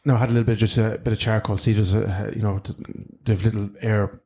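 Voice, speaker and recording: A man's voice: lowish voice, level tone, fast talker, mellow. An Irish man co-hosting a podcast, rambling through a gear review with lots of restarts. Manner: rambling, with many restarts and fillers. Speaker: podcast co-host. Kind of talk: casual gear review chat.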